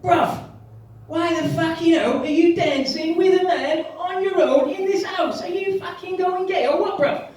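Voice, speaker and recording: Guy doing a shouty crude inner voice, high pitched, sounding, very echoey far-off room. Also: measured pace, few pauses. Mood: outraged. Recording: distant mic, loud room echo, faint crowd noise.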